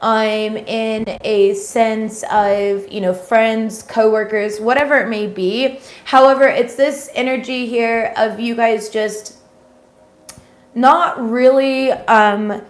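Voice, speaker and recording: A woman's voice: a little high, fairly even intonation, takes it slowly. A woman giving a casual livestream tarot reading, rambling and swearing freely with many ums. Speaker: tarot reader. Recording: roomy echo.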